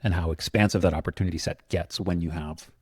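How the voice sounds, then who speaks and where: A man's voice: sits low, steady tone, fast talker, breathy edge, dry recording, clean studio sound. A man co-hosting a podcast, talking through his ideas in a thoughtful, step-by-step way. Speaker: podcast co-host. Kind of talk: conversational podcast talk.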